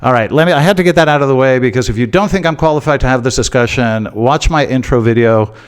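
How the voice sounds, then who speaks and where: An American man hosts his own football channel in a casual, opinionated monologue. His voice is smooth and resonant at an ordinary pitch. He leans on his points emphatically, repeating himself and filling gaps with "uh" and "okay". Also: quick pace.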